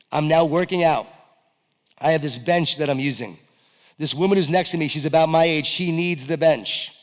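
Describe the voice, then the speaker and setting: A man giving a motivational keynote talk to an audience, telling a personal story and acting out his own lines with animation. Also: on the high side. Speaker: keynote speaker. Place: event hall stage. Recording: long reverb of a large event hall.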